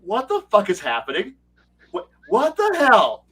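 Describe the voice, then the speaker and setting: A man's voice: very high voice, expressive, moderate pace, fairly bright tone, voice pushed up, full character voice. A man voicing an evil overlord caught off guard, indignant and swearing in exasperation. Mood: baffled outrage.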